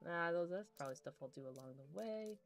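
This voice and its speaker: A woman's voice: on the low side, expressive, quick pace, soft background music. A woman hosting a game stream, chatting casually with friends and reading viewer comments aloud, with lots of fillers. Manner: chatty, filler-heavy, reads chat aloud. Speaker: streamer host. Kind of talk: casual chat while gaming.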